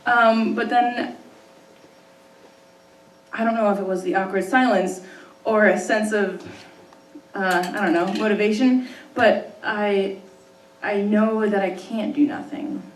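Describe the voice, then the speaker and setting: A woman's voice: mid-range voice, fairly even intonation, slow, pauses often. Brief: female teacher telling a live story on stage, chatty, laughs a lot, restarts sentences; distant mic, roomy hall, faint hiss. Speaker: high school English teacher. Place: stage in an arts center hall.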